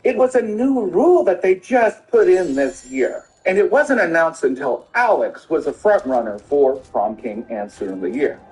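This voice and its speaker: A middle-aged father telling a story casually, animated and laughing often, acting out the quotes. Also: fairly high pitch, moderate pace, hardly any pauses, soft background music, poor audio.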